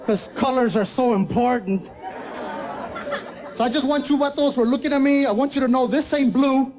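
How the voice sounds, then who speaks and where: High-voiced male comic working a live crowd, muffled lo-fi sound, roaring audience behind. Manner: joking, animated crowd work. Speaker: stand-up comedian. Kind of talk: stand-up comedy. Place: live concert stage. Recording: lo-fi concert recording with loud crowd noise.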